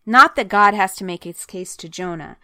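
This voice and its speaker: A woman's voice: mid-range voice, moderate pace, bright, forceful tone, no echo, studio quality. A woman leading a conversational Bible study, earnest and chatty, stopping now and then to read scripture aloud. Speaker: Bible teacher.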